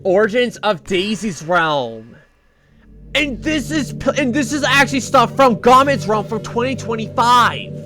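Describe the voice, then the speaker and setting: A young man casually reading a fan story aloud and reacting, rambling and correcting himself, with excited shout-outs. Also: very high voice, unhurried. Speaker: channel host reading fan lore. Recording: music playing underneath.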